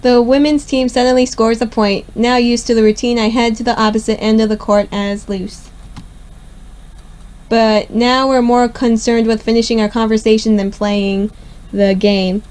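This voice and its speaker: A young woman hosting a gaming channel, reading a visual novel aloud in steady first-person narration. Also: a little high, moderate pace, poor audio.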